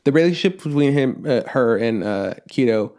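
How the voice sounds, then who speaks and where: A man's voice: mid-range voice, expressive, a little fast, darkish tone. A man co-hosting a casual anime review podcast, rambling with lots of fillers. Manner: rambling, filler-heavy, acts out quotes. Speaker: podcast co-host.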